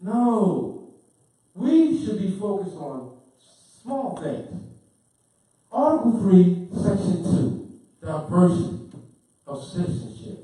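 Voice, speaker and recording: A man's voice: high voice, sing-song, slow pace, pauses often. Fervent man lecturing in an echoey room. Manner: fervent, preaching, repeats himself, gets loud then apologizes. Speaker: speaker. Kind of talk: impassioned lecture. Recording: roomy, from far off the mic.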